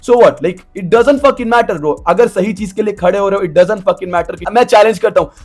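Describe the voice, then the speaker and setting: Fast, high-voiced man ranting bluntly. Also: darkish tone, soft background music. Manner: blunt, profane and confrontational. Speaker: MMA YouTube commentator. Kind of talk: ranting vlog monologue.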